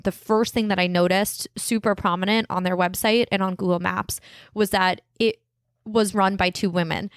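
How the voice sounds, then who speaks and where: A woman co-hosting a podcast, explaining things in an upbeat, easily excited way. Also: medium pitch, smooth, dry recording, clean studio sound. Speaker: podcast co-host. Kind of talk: casual podcast chat.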